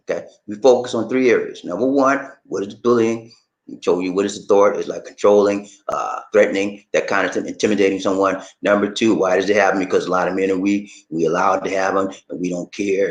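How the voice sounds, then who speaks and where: Emphatic preachy man in an echoey room. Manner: emphatic, preachy, calls the listener "man" and "baby"; animated, swoops up high for emphasis. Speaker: relationship advice vlogger. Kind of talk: casual motivational advice talk.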